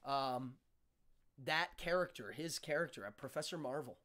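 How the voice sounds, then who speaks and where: A man hosting a casual interview chat, telling stories in an animated, excitable way. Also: medium pitch, normal speed. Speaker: host.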